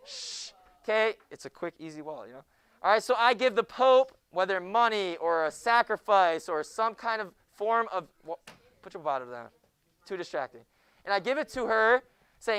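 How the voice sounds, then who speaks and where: A young man teaching a junior high Bible class in a classroom, joking with the students and often hushing them. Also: lively intonation, moderate pace, smooth, no room sound. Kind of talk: classroom lecture.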